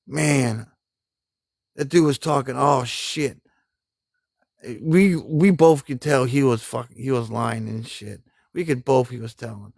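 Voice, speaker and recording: A middle-aged man tells rambling army stories on a live stream, full of cussing and laughter. His voice is gravelly and sits at an ordinary pitch. The sound is dry and close. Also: slow pace, darkish tone, dry recording. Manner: rambling, profane, laughs often, folksy grammar. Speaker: army veteran telling war stories. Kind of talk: casual storytelling on a live stream.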